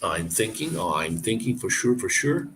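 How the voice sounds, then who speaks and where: A man hosting a live stream, telling a story and answering viewer comments in a relaxed, chatty way. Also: fairly low pitch, normal speed, slight background noise. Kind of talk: casual live-stream chat.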